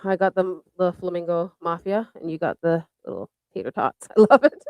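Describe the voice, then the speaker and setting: Host: bubbly woman, low-pitched voice, close dry sound, casual stream talk. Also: animated, fairly quick, no echo, muffled recording. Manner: bubbly, thanks viewers by name. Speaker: show host. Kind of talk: casual livestream chat.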